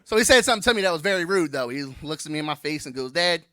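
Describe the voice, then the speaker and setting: Brash stand-up comic, bright voice. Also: male voice, fairly high pitch, animated, very fast, dry recording, studio quality. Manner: brash, playful, crowd-teasing. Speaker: stand-up comedian. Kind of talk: stand-up comedy set. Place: comedy venue stage.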